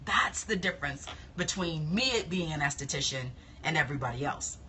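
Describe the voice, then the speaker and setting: A woman's voice: sits low, expressive, normal speed, bright, forceful tone, a little hiss or hum. A woman, coaching other estheticians in casual live-stream talk, confident and emphatic, often repeating her points.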